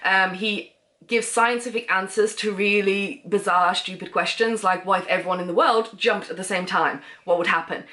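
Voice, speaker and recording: A woman's voice: medium pitch, steady tone, moderate pace, sharp tone. A woman chatting casually about books in a reading wrap-up, rambling and losing her train of thought. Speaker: book vlogger.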